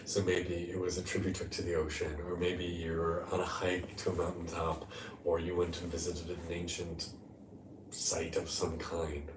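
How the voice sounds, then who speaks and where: Man, very low voice, meditation host, gentle unhurried talk, hotel room, roomy echo, faint background hiss. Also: monotone, distant mic. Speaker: life coach and meditation host. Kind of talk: live-streamed guided meditation talk.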